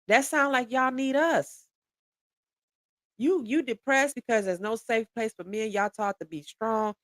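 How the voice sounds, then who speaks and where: A woman's voice: fairly high pitch, fairly bright tone, no room sound, clean studio sound. A woman in her forties giving a candid podcast monologue, blunt and profane, often restarting and repeating words as she presses her point. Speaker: podcast speaker.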